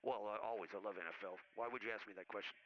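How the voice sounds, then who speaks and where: A man calling in to a comedy show, halting and teasing, with lots of pauses and "uh"s. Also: lowish voice. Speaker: phone-in caller. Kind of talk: comic call-in banter. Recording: muffled phone line with faint noise.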